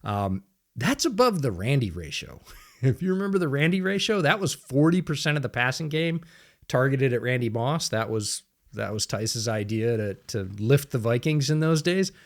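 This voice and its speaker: A man co-hosting a sports podcast, telling stories in a casual, animated way and laughing often. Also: medium pitch, normal speed. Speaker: podcast co-host. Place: home studio.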